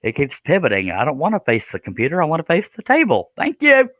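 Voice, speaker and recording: A man's voice: fairly high pitch, wildly swooping pitch, fast talker, dry recording, phone-quality sound. A man hosting a woodworking live stream, chatting casually and joking as he works. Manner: joking, folksy, laughs often. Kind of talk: casual chat while working.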